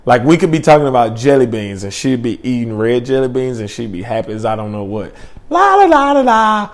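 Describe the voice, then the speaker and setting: A man's voice: mid-range voice, fast talker, a little mellow. A young man telling a personal story in a laid-back, slangy, rambling way with lots of fillers. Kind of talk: casual storytelling.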